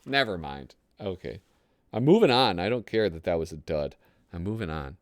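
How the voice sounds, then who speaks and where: A low-voiced man reads old magazine gags aloud as casual comedic commentary, chuckling often and tossing in self-deprecating asides. His pitch swings widely at a moderate pace, and the recording is dry and close.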